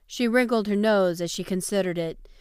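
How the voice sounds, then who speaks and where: A woman narrating a novel in a measured, even storytelling manner. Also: medium pitch, smooth, no echo, studio quality. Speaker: audiobook narrator. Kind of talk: scripted narration.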